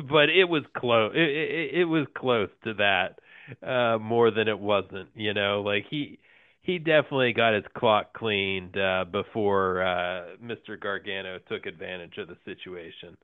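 A man co-hosting a casual podcast, talking haltingly with lots of fillers and frequent laughs. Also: on the low side, smooth, dry recording. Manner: halting, many fillers and restarts, laughs often. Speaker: podcast co-host. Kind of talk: casual wrestling podcast chat. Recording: tinny phone-like line, dry.

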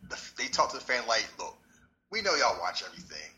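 A man co-hosting a casual wrestling podcast chat, talking in an animated, rambling, slangy way. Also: medium pitch, fairly quick, a crowd in the background, rough recording.

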